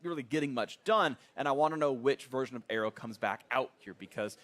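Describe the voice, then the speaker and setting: Fast-talking energetic male esports caster. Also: medium pitch. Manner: energetic, joking hype. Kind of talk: live esports commentary.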